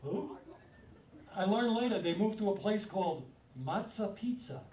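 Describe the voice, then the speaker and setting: Brooklyn comedian telling stories on stage. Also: male voice, high-pitched, normal speed, very noisy. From Brooklyn, New York. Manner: storytelling, punchy and animated. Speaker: stand-up comedian. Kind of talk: stand-up comedy set. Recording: roomy live sound from a distance. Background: audience laughter.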